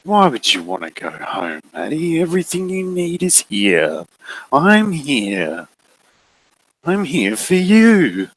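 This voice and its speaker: A man's voice: fairly high pitch, huge pitch swings, husky, no room sound, pitched above the performer's own voice, exaggerated voice, rough recording. Man doing a creepy coaxing shadow voice. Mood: coaxing menace. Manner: slow, soft, wheedling, growing urgent. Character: coaxing menacing shadow being in darkness.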